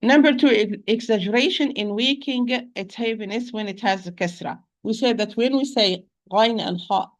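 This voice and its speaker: Patient woman teacher for an online recitation lesson; repeats sounds slowly, often restarts mid-sentence. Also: a little high. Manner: hesitant restarts, addresses listeners as sisters. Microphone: home computer mic on a shaky internet connection.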